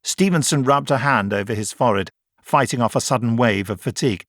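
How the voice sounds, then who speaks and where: A man reading an audiobook in scripted narration, measured and even. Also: medium pitch, no echo, clean studio sound.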